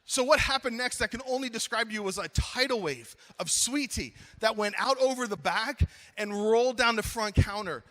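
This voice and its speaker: A middle-aged man preaching at a youth conference, telling a funny story with lively acted-out dialogue, then slowing into earnest appeals. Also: very high-pitched, long reverb tail. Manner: animated, acts out his own story, then slows to earnest appeals. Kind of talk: storytelling sermon.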